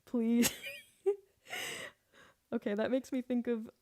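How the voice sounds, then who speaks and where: A woman's voice: medium pitch, normal speed, darkish tone, no echo, clean studio sound. A woman singer chatting casually on her live stream, giggly and loose, swearing now and then.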